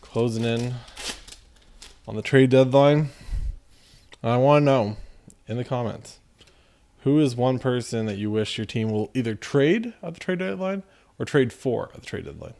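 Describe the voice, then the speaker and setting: A man hosting a card-opening video, chatting casually and joking as he reads off names in quick runs. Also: medium pitch, expressive, creaky, warm tone. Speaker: card-opening channel host. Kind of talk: casual commentary while opening card packs.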